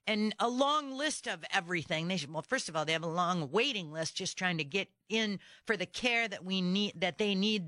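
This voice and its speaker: A woman hosting a talk radio program, worked up and firing off indignant rhetorical questions. Her voice is bright and forceful, smooth and crisp, and it sits close and dry on a studio microphone. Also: medium pitch, dry recording. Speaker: radio talk show host. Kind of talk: opinionated talk radio monologue.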